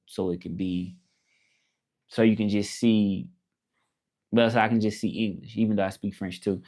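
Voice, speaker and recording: This Memphis man has a dark, fairly low voice and a Southern accent. He hosts a casual livestream from his laptop indoors, chatting freely and saying hello to viewers.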